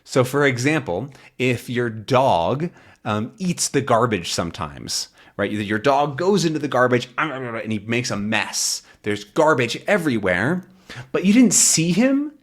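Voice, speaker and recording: A man's voice: mid-range voice, a little slow. A man teaching English, patiently explaining words from a comic with everyday examples. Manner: animated voice, jumps into acted quotes. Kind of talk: language lesson explaining a comic.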